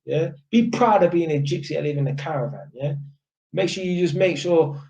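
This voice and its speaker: A man's voice: on the high side, expressive, normal speed, vocal fry, a little mellow, low-quality recording. A young man with a London accent, talking straight to camera in a blunt, casual monologue full of street slang, swearing and repeated "innit". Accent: London (Multicultural London English). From England. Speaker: vlogger.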